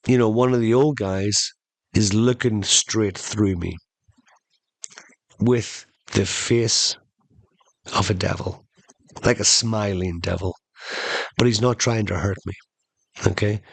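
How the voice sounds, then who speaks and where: A man hosting a podcast, telling a funny story in an animated way and slowing down for emphasis. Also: lowish voice, creaky, no room sound. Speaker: podcast host. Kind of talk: comedic storytelling monologue.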